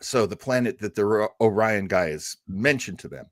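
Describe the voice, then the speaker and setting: A man's voice: fairly low pitch, animated, normal speed, no room sound, clean studio sound. A man co-hosting a casual review show, rambling and stumbling over his words with fan enthusiasm. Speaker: podcast co-host.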